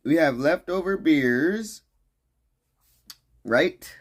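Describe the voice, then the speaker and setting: A man's voice: fairly high pitch, expressive, drawn-out words. A young man hosting a casual livestream chat, loose and profane, rambling and laughing while he drinks beer. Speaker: livestream host.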